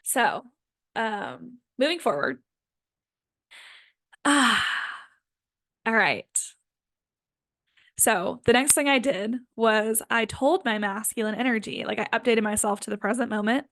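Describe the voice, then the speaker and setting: A woman's voice: fairly high pitch, lively intonation, slow pace, long pauses, fairly bright tone, dry recording. A woman in her twenties giving a casual, earnest spiritual self-help talk, full of "like" and "um". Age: 20s. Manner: earnest, filler-heavy with frequent "like" and "um". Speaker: spiritual healing coach.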